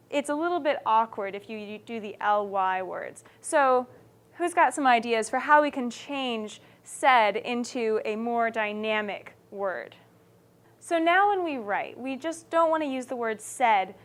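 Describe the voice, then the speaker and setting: High-voiced teacher leading a writing class. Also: female voice. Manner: animated, checks understanding often.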